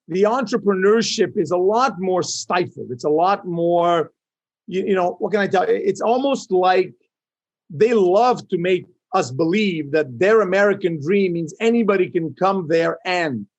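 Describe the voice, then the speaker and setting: In a muffled recording, a middle-aged man from Canada talks unhurriedly in a high voice as an entrepreneur guest in an interview. His manner is animated and emphatic, and he keeps checking for agreement by asking "right?"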